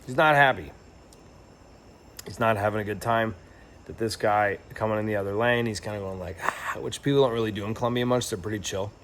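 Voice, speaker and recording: A man's voice: on the low side, a little fast, fairly bright tone, slight background noise. A young man telling a travel story in a casual, rambling and reflective way, with lots of fillers and restarts. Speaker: travel vlogger.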